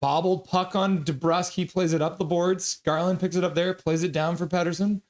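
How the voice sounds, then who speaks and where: A man's voice: sits high, fairly even intonation, moderate pace. A man casually calling a hockey game play-by-play on a live stream, reading chat and laughing along. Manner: chatty, reads chat messages aloud, laughs often.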